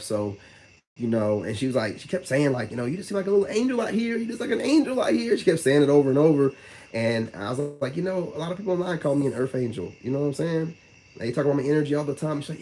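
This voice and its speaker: Fast-talking man rambling to his viewers. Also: mid-range voice, warm tone, slight background noise. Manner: rambling, repeats "you know what I'm saying"; fast, loose slang-heavy speech. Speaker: vlogger talking to live chat. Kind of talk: casual live-stream talk.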